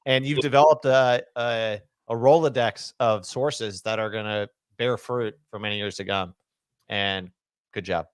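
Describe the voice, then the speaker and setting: A man's voice: fairly low pitch, fairly even intonation, unhurried, clear, resonant tone, no echo. A man co-hosting a casual crypto chat, speculating and teasing in a rambling way. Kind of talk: casual crypto chat on a live audio space.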